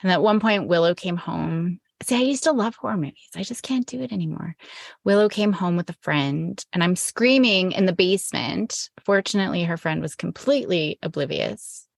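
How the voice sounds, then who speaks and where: A middle-aged woman co-hosts a family podcast in a loose, rambling way, often stopping and correcting herself mid-story. Her voice sits fairly low and carries a gravelly fry. The recording is close and dry. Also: moderate pace, no room sound. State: recovering from illness. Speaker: podcast co-host. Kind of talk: casual chat.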